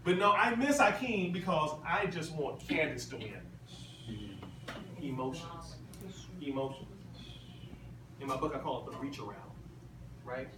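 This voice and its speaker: A man's voice: on the high side, lively intonation, measured pace, pauses often. A man giving a motivational convention talk, emphatic and repetitive, throwing questions at the crowd. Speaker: motivational speaker. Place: large convention hall. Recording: echoey hall from far off, ambient noise.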